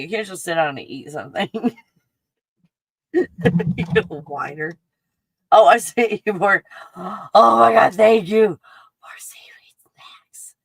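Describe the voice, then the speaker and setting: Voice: mid-range voice, fairly bright tone, no room sound, low-quality recording. A livestream host at home, chatting in a scattered, casual way, laughing often and talking to a puppy between thoughts. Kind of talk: casual rambling livestream chat.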